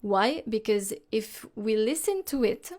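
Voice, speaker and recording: A woman teaching pronunciation in a lesson, with a voice sitting a little higher than usual. She speaks slowly and deliberately, pausing to model each word for the listener to repeat. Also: lively intonation, darkish tone. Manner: slow and deliberate, models words for repetition. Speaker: French teacher. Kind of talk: slow instructional explanation.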